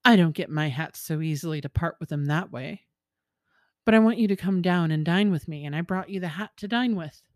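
A woman's voice: on the low side, fairly quick, darkish tone, no room sound, clean studio sound, lightly acted. A woman voicing an old male merrow, a jovial and sly sea creature, in a folktale reading with coaxing, teasing banter.

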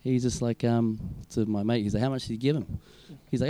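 A man's voice: medium pitch, fairly even intonation, brisk, warm tone, dry recording. A young man, co-hosting a podcast and telling a story in a rambling, sweary way full of fillers and restarts. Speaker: podcast co-host. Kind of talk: casual storytelling chat.

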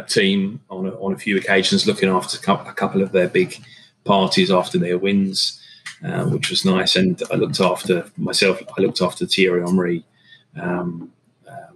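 A man's voice: deep voice, vocal fry, a little hiss or hum, poor audio. A middle-aged man, a catering business owner, chatting casually in an interview with lots of fillers and restarts. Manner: relaxed, rambling, many fillers and restarts.

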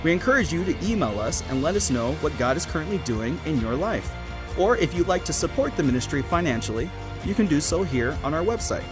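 A man with a lively, animated voice reads a scripted welcome for a ministry program. Music plays clearly behind him. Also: fairly high pitch, fairly quick. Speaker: ministry announcer. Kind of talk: scripted announcement.

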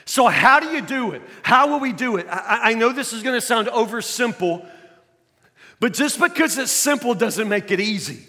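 An older man with a drawl preaches a sermon in a folksy, emphatic way. His voice sits high and bright. Long reverb from a large hall trails each phrase. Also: animated, moderate pace. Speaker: pastor.

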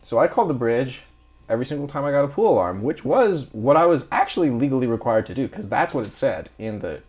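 A man's voice: medium pitch, big pitch swings, quick pace, darkish tone. A man, a marine engineer, chatting casually and telling rambling work stories, acting out what people said and laughing along. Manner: rambling storyteller who acts out dialogue and laughs.

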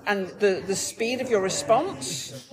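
A woman's voice: mid-range voice, takes it slowly. Methodical woman in a noisy cafe. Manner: methodical, lays out points step by step. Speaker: podcast co-host, human therapist. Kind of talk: casual explanatory discussion. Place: busy coffee shop. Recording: noisy cafe chatter behind.

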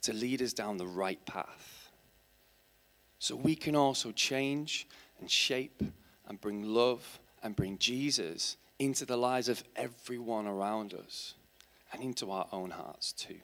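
A man's voice: mid-range voice, slow pace, fairly bright tone. A man preaching a sermon in church, asking his congregation rhetorical questions and building to emphatic, passionate points. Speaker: teacher.

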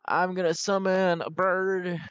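A man playing a tabletop game, halting and thinking aloud while choosing what to do. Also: high voice, level tone, fairly bright tone, smooth, no echo. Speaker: player. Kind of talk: casual tabletop gaming chat. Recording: dull lo-fi mic.

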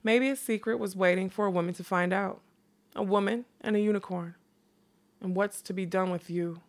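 A woman's voice: mid-range voice, steady tone, normal speed, close to an everyday voice. A woman voicing a bold, scornful young woman in a novel read aloud, blunt and dismissive.

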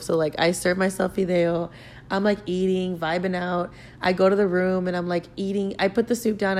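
A young woman in a mid-range voice tells a story casually, swearing freely and leaning on "like" as she rambles. She talks like a podcast host chatting with her listeners. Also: medium pitch. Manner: profane, rambling, heavy use of "like".

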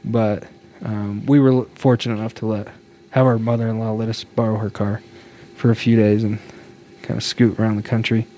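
A man's voice: lowish voice, flat delivery, fairly quick, warm tone, slight background noise. A man co-hosting a podcast in casual chat, upbeat and chatty, often laughing as he talks. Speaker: podcast co-host.

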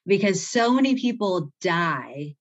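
Effusive motivational woman, low voice. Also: big pitch swings, a little slow, dull audio. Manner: effusive, laughs often, motivational. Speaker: podcast guest; author writing a self-care book. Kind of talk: enthusiastic conversation.

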